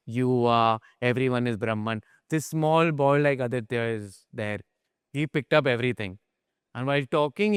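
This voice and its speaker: An animated male teacher tells stories in a class, swinging between hushed asides and excited bursts. His voice is smooth and clear, recorded dry and close with no room sound. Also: mid-range voice, no room sound. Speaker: spiritual teacher. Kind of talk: informal spiritual class talk.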